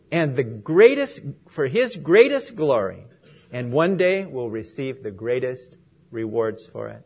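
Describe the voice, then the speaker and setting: A man preaching a sermon and closing in prayer, earnest and emphatic. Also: on the high side. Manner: earnest, emphatic, with rising and falling stresses.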